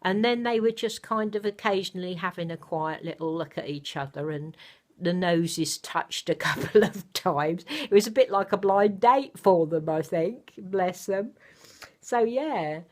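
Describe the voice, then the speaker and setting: Chatty woman, soft and low. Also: lively intonation, a little slow. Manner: chatty, soft-spoken, rambling with many fillers. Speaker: vlogger. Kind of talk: casual chat to camera. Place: home, indoors.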